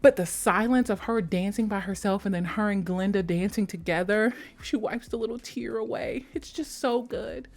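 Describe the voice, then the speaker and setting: A woman chatting casually as a vlogger, gushing about a film in slangy talk, switching between high mock voices and soft whispers. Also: moderate pace, few pauses. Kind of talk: casual chat.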